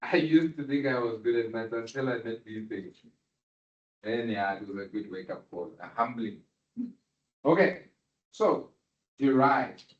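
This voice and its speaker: A man lectures at a university in an animated, medium-pitched voice, at a measured pace with long pauses. He questions his students often, checking whether they follow. The lecture-hall recording sounds roomy and dull.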